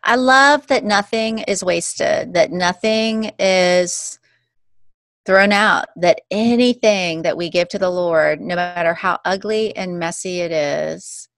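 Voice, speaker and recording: Woman counselor on a faith podcast, heartfelt and warm, kinda low voice, dry sound. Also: takes it slowly, no room sound. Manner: warm and heartfelt, talks in vivid images. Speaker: guest, counselor. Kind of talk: faith-based podcast conversation.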